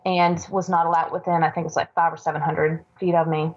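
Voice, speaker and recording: A woman in her forties, a podcast guest, earnestly recounting a personal story with halting restarts. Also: deep voice, flat delivery, a little hiss or hum. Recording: dull lo-fi recording.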